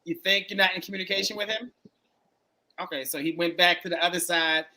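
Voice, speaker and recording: A man hosting a live-streamed dating interview, chatty and quick to react, repeating the guest's answers back to him over a video call. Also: high voice, level tone, sharp tone. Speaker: dating coach and show host.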